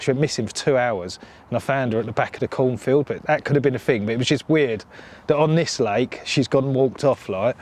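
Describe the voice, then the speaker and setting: An angler spins a creepy tale from his time on the bank, speaking at an average pitch. He chats casually and slips into the voices of the people he quotes as he goes. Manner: animated storyteller, acts out quoted voices. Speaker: carp angler telling a story. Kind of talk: casual anecdote. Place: outdoors by a lake.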